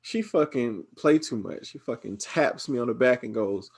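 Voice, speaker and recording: A man's voice: mid-range voice, moderate pace, husky. A young man from Georgia, hosting a podcast, who tells stories casually and acts out other people's voices. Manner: animated storytelling, acts out his mom's voice. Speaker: podcast host. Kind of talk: casual chat.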